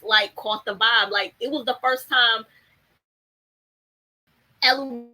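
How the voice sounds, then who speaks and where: A woman's voice: a little high, pushed and bright, low-quality recording. A young woman chatting casually about a TV show, blunt and full of fillers and swearing. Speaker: TV show commentator. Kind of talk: casual chat.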